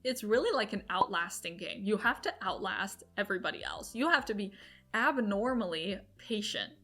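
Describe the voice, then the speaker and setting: A woman's voice: medium pitch, animated, pushed and bright, slight background noise. A woman in her twenties giving chatty, upbeat business advice straight to camera. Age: 20s. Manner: chatty, upbeat, quick asides. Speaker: entrepreneur vlogger. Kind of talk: casual talk-to-camera advice.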